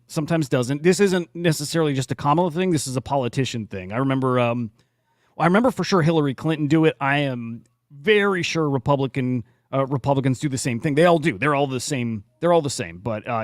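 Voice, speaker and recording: A man's voice: mid-range voice, fairly quick, no room sound, clean studio sound. A man hosting a podcast in casual chat, blunt and profane with plenty of restarts. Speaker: podcast host.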